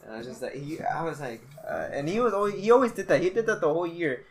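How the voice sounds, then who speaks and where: A young man co-hosting a podcast, telling high school stories in a rambling way with many fillers. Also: expressive, fast talker. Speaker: podcast co-host. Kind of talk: casual chat.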